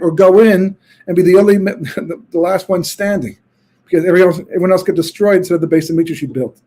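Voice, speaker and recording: Man, rabbi, Torah class, husky voice, fairly high pitch, animated storytelling. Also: fast talker. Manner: animated storytelling, acts out quoted voices with repeated words.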